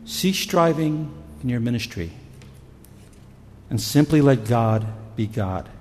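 This preacher takes his time, his mid-range voice expressive and a little mellow. He earnestly tells stories in his sermon, acting out panicked voices, under the long reverb of a hall.

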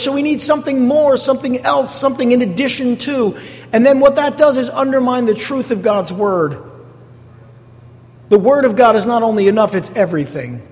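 In a church sanctuary full of long hall reverb, a high-voiced male pastor delivers a sermon. He speaks emphatically, returning to key phrases and asking his congregation rhetorical questions.

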